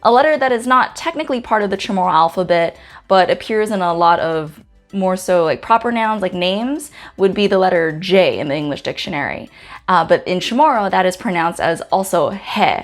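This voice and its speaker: A woman from Guam hosting a pronunciation lesson, saying each letter slowly and carefully with example words. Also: fairly low pitch, lively intonation. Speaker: host teaching the Chamorro alphabet. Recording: faint music in the background.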